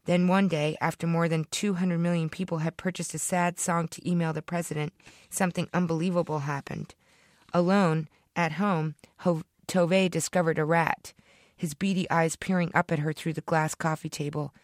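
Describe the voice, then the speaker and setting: A woman's voice: deep voice, steady tone, moderate pace, no room sound. Author narrating her own fiction, dramatic and rhythmic, very dry sound. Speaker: author reading her story. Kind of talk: expressive story reading.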